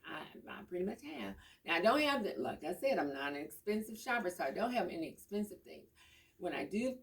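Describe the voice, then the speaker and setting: Gravelly-voiced woman chatting from afar. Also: mid-range voice, very animated, a little fast. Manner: rambling, homey storytelling. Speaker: vlogger. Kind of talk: casual chat. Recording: voice a bit far from the mic.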